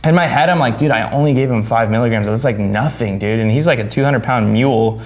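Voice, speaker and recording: A man hosting a podcast who tells a story in casual chat, swearing freely and loudly acting out what people said. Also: mid-range voice, quick pace. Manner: animated, swears freely, acts out quotes loudly. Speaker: podcast host.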